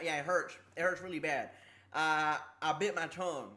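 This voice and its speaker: A man streaming casually, talking haltingly with a slight lisp from a sore tongue, repeating words and struggling with S sounds. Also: a little high, bright, forceful tone. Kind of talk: casual livestream chat.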